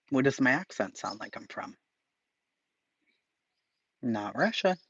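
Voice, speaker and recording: A man's voice: mid-range voice, big pitch swings, measured pace, pauses often, a bit bright, breathy edge, no echo, muffled recording. A man hosting a casual livestream, reading chat aloud with profane, sarcastic asides and mutters. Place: home, dogs barking nearby.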